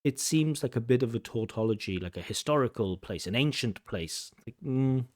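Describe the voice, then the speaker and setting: A man's voice: mid-range voice, expressive. A man giving an examiner's commentary on a speaking test, explaining mistakes and repeating words for emphasis. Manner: emphatic, repeats for stress, slows down to make points. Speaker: IELTS examiner and teacher.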